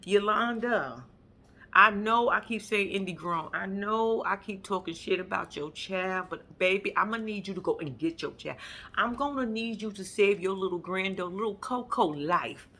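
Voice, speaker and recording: Woman, reality recap vlogger; animated, profane, laughs a lot. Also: mid-range voice, moderate pace. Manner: animated, profane, acts out quotes, laughs often. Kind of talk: casual reality show recap.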